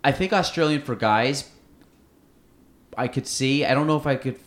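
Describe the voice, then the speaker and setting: A man's voice: medium pitch, normal speed. A man hosting a casual podcast, rambling and self-interrupting while he asks curious questions. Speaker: podcast host. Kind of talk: casual chat. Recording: roomy echo.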